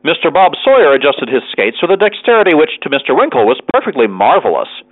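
A man reads a classic story aloud with a very lively, animated voice. The recording is narrow and phone-like, and bone-dry with no room sound. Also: a little high, fast talker, dry recording. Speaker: narrator. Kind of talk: audiobook reading of a classic novel.

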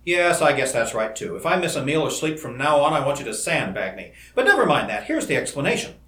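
A man reading the part of an eager, excitable young scientist in an audiobook, in a roomy-sounding recording. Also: a little high. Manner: eager, rapid enthusiasm. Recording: roomy echo.

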